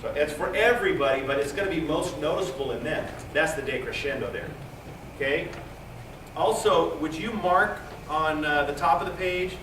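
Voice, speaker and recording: A man's voice: a little high, moderate pace. A man directing a choir rehearsal, encouraging and repeating himself, singing short phrases to show how they should go. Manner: encouraging, repeats words, sings phrases to demonstrate. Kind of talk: choral rehearsal instruction. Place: large rehearsal hall. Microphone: distant recorder. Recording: echoey hall from far off, hissy.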